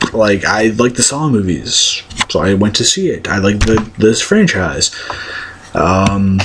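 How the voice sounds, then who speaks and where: A man's voice: on the low side, slight background noise. Profane, rambling young man ranting. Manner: profane, rambling, blunt, with many fillers. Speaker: vlogger. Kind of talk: casual rant to camera.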